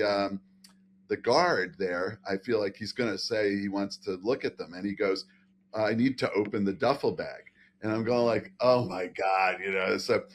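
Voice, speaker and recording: A man's voice: on the low side, slight background noise. An older man, a scientist guest, telling a funny anecdote with lots of fillers and laughter. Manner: animated, laughing storyteller with many fillers. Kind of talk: anecdotal storytelling.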